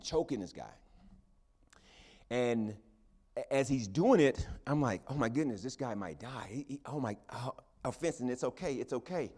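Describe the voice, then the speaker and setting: A preacher telling a personal story in a sermon, with lots of fillers and false starts. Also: male voice, mid-range voice. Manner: animated, hesitant storytelling with many fillers.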